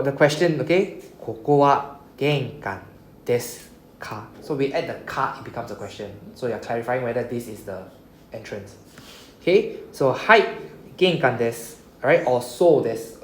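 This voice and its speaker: Man teaching with a Singaporean English lilt. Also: medium pitch. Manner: explains patiently, frequent "okay?" and "right?" checks. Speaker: Japanese language teacher. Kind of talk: classroom lesson. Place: classroom. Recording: echoey room, faint background noise.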